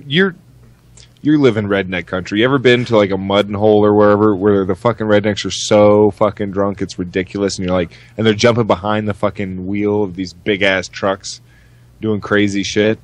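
A man's voice: on the low side, fairly even intonation, normal speed, dry recording. A man co-hosting a podcast, talking casually in a rambling way with heavy swearing and many restarts. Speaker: podcast co-host. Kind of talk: casual chat.

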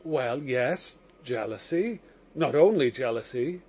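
A man's voice: mid-range voice, expressive, slow, darkish tone, slightly rough, pitched below the performer's own voice. A man voicing an impassioned young man accused of murder, in audiobook narration. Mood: agitated. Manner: impassioned, exclamatory.

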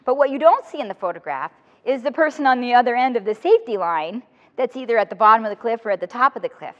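A woman speaker telling an animated, humorous story to a room of student teachers. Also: on the high side, fast talker. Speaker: motivational speaker. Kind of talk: lively talk to student teachers. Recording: long hall reverb, dull lo-fi sound.

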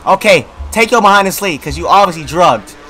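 Loud, jumpy man playing a horror game. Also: high voice, expressive, quick pace. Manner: loud, jumpy, joking reactions full of slang. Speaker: gaming video creator. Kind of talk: let's play commentary.

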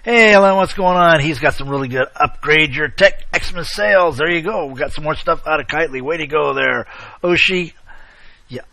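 A man hosting an online show, rambling casually with chummy shout-outs and sarcastic asides. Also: fairly high pitch, moderate pace, gravelly, no echo. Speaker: internet show host. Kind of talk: casual chat, rambling commentary.

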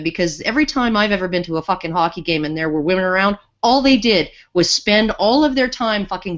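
A woman's voice: mid-range voice, fairly bright tone, muffled recording. A woman co-hosting a casual panel discussion, blunt and swearing freely. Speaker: podcast co-host.

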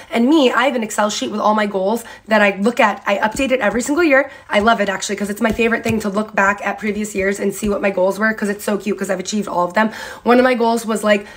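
A young woman giving a candid motivational talk, blunt and expressive, swearing freely and acting out her own self-talk. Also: fairly high pitch, fast talker. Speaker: speaker in a reposted clip.

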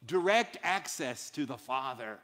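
A man's voice: medium pitch, expressive, measured pace, a bit bright. A man preaching a sermon in a church, emphatic and built on short repeated phrases. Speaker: pastor. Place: church sanctuary. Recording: long hall reverb.

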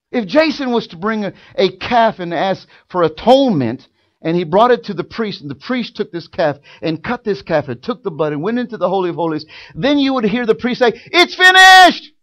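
A man preaching a sermon in a church, building from quiet, drawn-out lines to loud, fervent shouting. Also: high-pitched, lo-fi sound. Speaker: pastor. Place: church sanctuary.

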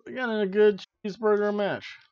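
A man's voice: high voice, fairly even intonation, fairly quick, clear, resonant tone, no echo. A man co-hosting a podcast, casually reviewing a wrestling show in an enthusiastic, rambling way with frequent restarts. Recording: dry, slightly muffled home recording.

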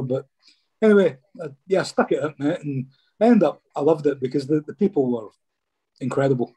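A man's voice: a little high, brisk, dark tone, husky. A Scottish man, a former footballer, telling stories casually in an interview and often saying "mate". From Scotland. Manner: chatty, says "mate" a lot.

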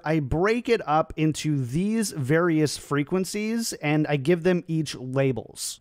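A man hosting a tech tutorial, giving upbeat, clear explanations at a home streaming setup. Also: sits high, darkish tone, no room sound, clean studio sound.

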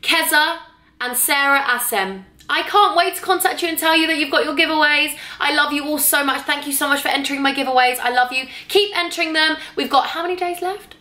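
A woman in her twenties chatting excitedly as a beauty vlogger in a hotel room, gushing over what she is unboxing. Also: high voice, fairly quick, roomy sound. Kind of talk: casual vlog chat.

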